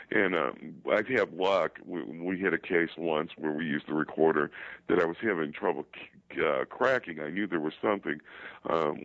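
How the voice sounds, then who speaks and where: A man's voice: low voice, creaky, no echo. A man, a paranormal investigator, talking casually in an interview, rambling with lots of fillers and repeated words. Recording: dull lo-fi dry audio.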